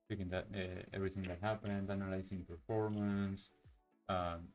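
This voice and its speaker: A man casually walking through a software demo on screen, thinking aloud with many fillers and restarts. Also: sits low, rough recording. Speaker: software developer demoing his project. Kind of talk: casual screen-share walkthrough.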